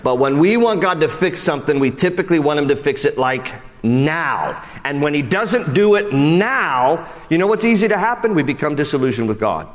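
A man preaching a sermon in a casual, conversational way, climbing high and emphatic, then dropping low and hushed. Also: big pitch swings, normal speed, few pauses, big-room sound. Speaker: pastor. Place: church sanctuary.

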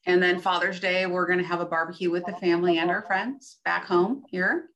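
Upbeat female podcast co-host, lower voice. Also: steady tone, fairly quick, fairly bright tone, highs cut off. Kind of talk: casual chat.

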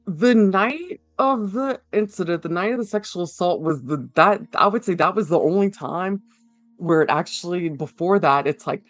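A man giving a halting personal account in an interview, full of fillers and restarts. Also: sits high, expressive, a bit bright, dry recording, soft background music.

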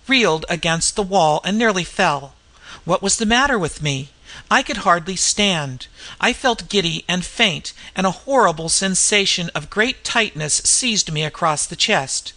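A narrator reading a first-person ghost story in a measured, tense way. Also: medium pitch, expressive, pushed and bright. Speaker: audiobook narrator.

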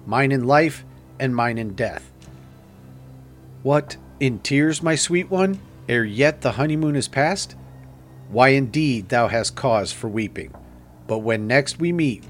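A man playing a fiendish stranger who speaks in theatrical, menacing old-fashioned declamation. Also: medium pitch. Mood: gloating triumph. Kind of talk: audiobook character reading.

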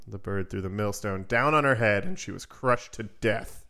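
A man's voice: fairly low pitch, moderate pace, sharp tone. A man hosting a podcast who reads a fairy tale aloud in a casual, playful way and adds joking asides. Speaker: podcast host.

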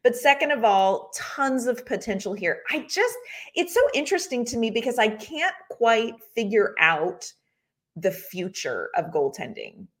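A woman's voice: a little high, big pitch swings, measured pace. A woman co-hosting a sports podcast, gushing and chatty with lots of fillers in casual talk. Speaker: podcast co-host.

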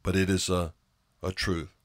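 A man's voice: deep voice, little pitch movement, moderate pace. A man preaching a sermon in an earnest way, often repeating phrases and restarting his words for emphasis.

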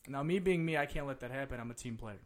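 Young man, fast and loose, swearing co-host telling a party story. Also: medium pitch. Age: 20s. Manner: rowdy, profane, laughing often. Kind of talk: casual storytelling chat.

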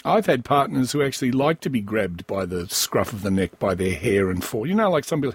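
A wheezy man hosts a comedy podcast, riffing crudely and sardonically on a news item, with coughs breaking in. His husky voice swings up and down in pitch. The recording is dry and close. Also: very animated, fairly quick, hardly any pauses, no room sound. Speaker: podcast host. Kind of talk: profane comic riffing on a news story.

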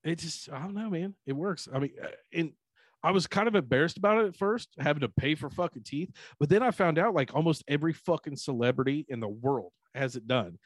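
A man's voice: on the high side, brisk, no room sound. A man co-hosting a podcast, chatting casually in a laid-back, profane way. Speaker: podcast co-host.

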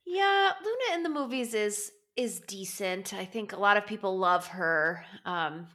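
A woman's voice: medium pitch, animated, unhurried, a bit bright. A woman co-hosting a podcast in casual chat, hesitant and restarting her sentences often. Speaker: podcast co-host.

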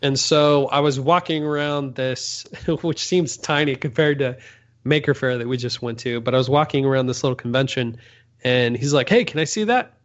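A man's voice: mid-range voice, fairly even intonation, normal speed. An easygoing man with a mid-range voice tells a story in casual chat, modest about himself. The recording is dull and lo-fi. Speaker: podcast co-host. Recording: muffled lo-fi recording.

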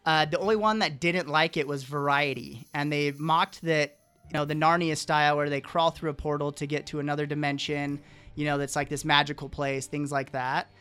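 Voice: medium pitch, fairly even intonation, normal speed, fairly bright tone, clean tone. A host leading a casual movie discussion and asking the panel questions. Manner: asks questions, agreeable.

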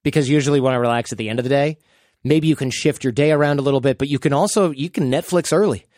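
A man's voice: mid-range voice, fast, no echo, studio quality. A man in his thirties hosting a podcast, chatting casually and acting out quotes as he tells stories. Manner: animated storyteller, acts out quotes. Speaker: podcast host.

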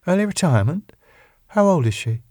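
A man reading an audiobook, voicing a gentle young Englishwoman who speaks softly and hesitantly. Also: medium pitch, sing-song, moderate pace, no echo, clean studio sound, pitched above the performer's own voice. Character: gentle wistful young woman.

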